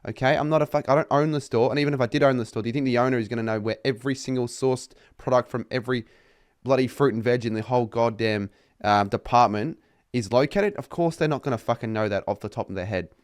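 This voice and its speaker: A young Australian vlogger rants casually to camera about his retail job, exasperated, swearing often and mocking customers in put-on voices. His medium-pitched voice moves fast, recorded dry with clean studio sound.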